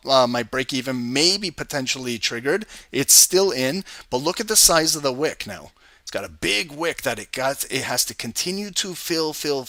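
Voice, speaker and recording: A man hosting a live trading stream, giving energetic casual commentary on charts and talking to his viewers. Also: on the high side, no room sound. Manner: energetic, swears and laughs, talks to chat by name. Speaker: trading livestream host.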